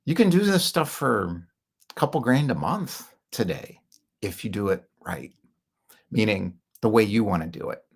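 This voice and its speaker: A man's voice: on the low side, sing-song, normal speed, creaky, breathy edge. A middle-aged man telling his own business story in a rambling, candid monologue, with fillers and short laughs. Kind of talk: casual monologue.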